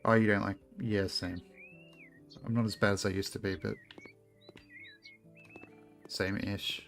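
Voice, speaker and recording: A man's voice: fairly low pitch, flat delivery, a little slow, gravelly, a bit bright, soft background music. Chatty swearing male game streamer. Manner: chatty, swears a lot, rambling asides to chat. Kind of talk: casual gameplay streaming chat.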